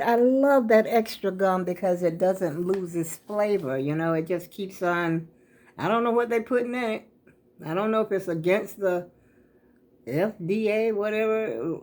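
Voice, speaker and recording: A woman's voice: on the low side, a little mellow. An older woman, chatting casually to her viewers in a rambling way, a bit out of breath. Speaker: vlogger. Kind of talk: casual vlog chat.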